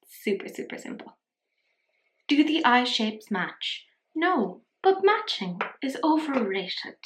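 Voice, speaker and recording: Young Irish woman vlogger, fairly high voice, chatty and self-mocking, recorded in an echoey room. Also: fairly bright tone. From Ireland. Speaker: beauty vlogger. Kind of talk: casual makeup tutorial chat.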